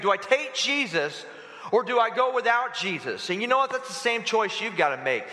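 A pastor preaching a sermon to his church with dramatic delivery, swinging from loud urgent pleas to hushed low tones. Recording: echoey hall reverb.

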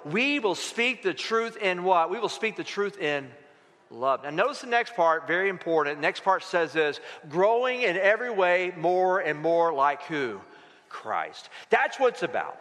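Male pastor, 40s, bright ringing tone, casual preaching style, long reverb of a large church. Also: sits high, sing-song, measured pace. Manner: conversational preaching with rhetorical questions. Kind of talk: sermon. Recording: reverberant hall.

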